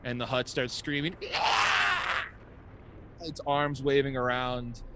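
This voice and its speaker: A man's voice: mid-range voice, flat delivery, normal speed, noisy background. A man running a tabletop game as game master, narrating loosely with frequent laughs and fillers.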